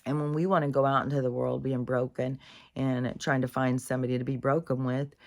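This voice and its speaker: A woman's voice: very deep voice, flat delivery, fairly quick, a little mellow. A woman in a casual spiritual monologue, speaking candidly, swearing freely and restarting her sentences.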